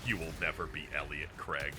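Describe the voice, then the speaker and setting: A man's voice: fairly quick, noisy background. A man streaming a game, chatting casually with viewers, laughing and swearing as he talks. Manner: animated, swings between squeaky highs and low mutters. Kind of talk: casual gaming stream chat.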